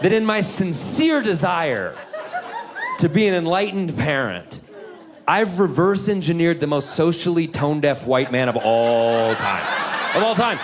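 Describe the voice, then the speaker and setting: A man in his thirties doing a stand-up set into a handheld mic on a club stage. His voice sits a little high and swings widely in pitch. He talks in an animated way and slips into loud, high voices for the people in his stories. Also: unhurried, noisy background. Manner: animated, jumps into shouted high voices for characters. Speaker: stand-up comedian. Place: comedy club stage with audience laughter.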